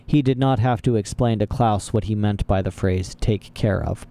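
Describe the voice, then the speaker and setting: A man's voice: fairly low pitch, normal speed, mellow. A man reading a storybook aloud as narrator, with dry, wry asides. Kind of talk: audiobook narration.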